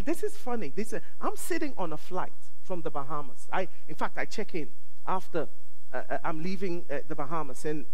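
A woman pastor from Africa preaching a sermon, with dramatic swings between loud declarations and hushed asides. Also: fairly low pitch. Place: church. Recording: reverberant church hall.

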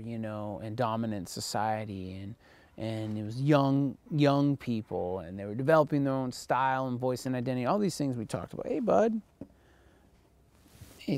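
A man's voice: mid-range voice, darkish tone, no room sound. A man giving a casual recorded lecture as a college instructor, loose and profane, with lots of fillers.

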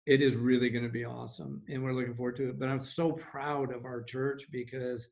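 A man's voice: medium pitch, level tone, fairly quick, vocal fry, darkish tone, poor audio. Chatty male pastor on a video call. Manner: chatty, upbeat, many fillers. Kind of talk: casual video-call conversation.

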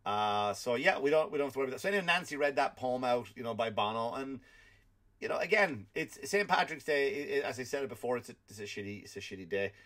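A man's voice: medium pitch, lively intonation, fast talker, fairly bright tone. An Irish man, a stand-up comedian hosting his podcast, ranting sarcastically with profanity and restarts. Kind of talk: comedic rant monologue.

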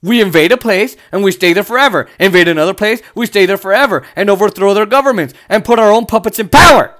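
A man's voice: high voice, fast talker, a bit bright. A man from the United States giving heated, sarcastic political commentary, swearing often as he rants.

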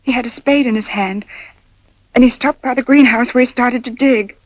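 A woman's voice: a little high, moderate pace, close to an everyday voice. An actress playing a frightened young woman in a 1940s film, telling her story in an anxious, pleading way. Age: young adult. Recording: dull old film soundtrack.

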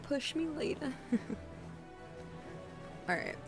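A woman streaming a video game, chatting casually with her viewers and cooing softly at her cat into a desk microphone. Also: high-pitched, lively intonation, very slow. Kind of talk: casual live-stream chat. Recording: loud game soundtrack under voice. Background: game music.

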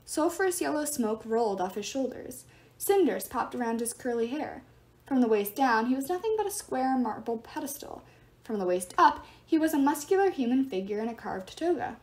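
A woman reading a novel aloud with expressive narration. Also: fairly high pitch, moderate pace. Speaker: book reader.

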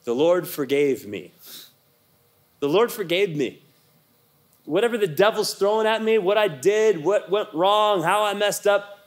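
A middle-aged man preaching a sermon as a pastor, telling a story in a conversational way and leading the congregation in repeated declarations. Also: on the high side.

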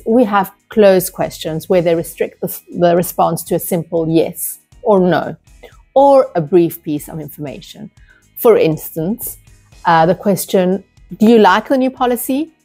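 A woman teaching English grammar, explaining step by step with spoken examples and frequent pauses. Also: fairly low pitch, a little mellow.

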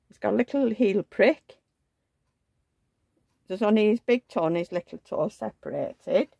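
Middle-aged lady, husky and gravelly, chatting away homely at home, dry close sound. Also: mid-range voice, dark tone, dry recording, low-quality recording. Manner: homely, rambling, fond chatter. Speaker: doll collector vlogger. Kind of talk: casual chatty vlog, talking to dolls. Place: indoors at home.

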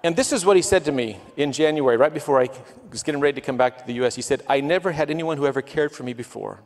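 In a church sanctuary with long reverb, a man of medium pitch speaks very fast. He is a guest missionary preaching a testimony sermon, telling earnest stories, quoting people, and growing more emotional as he goes.

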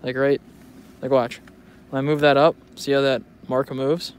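A man's voice: mid-range voice, flat delivery, normal speed, a little hiss or hum. A young man vlogging in a casual, joking, rambling way who swears freely. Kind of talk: casual rambling vlog commentary.

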